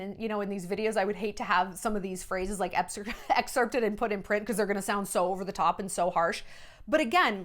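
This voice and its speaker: A woman and former entertainment journalist giving a blunt, animated gossip monologue, often slipping into mocking voices. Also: on the high side. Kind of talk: casual celebrity gossip monologue.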